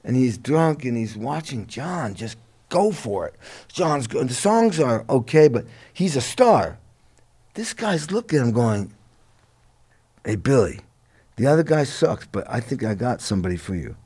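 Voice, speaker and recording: A middle-aged musician telling his career story in a relaxed interview, lively and a bit profane, laughing along. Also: medium pitch, unhurried, slightly rough. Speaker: guest musician.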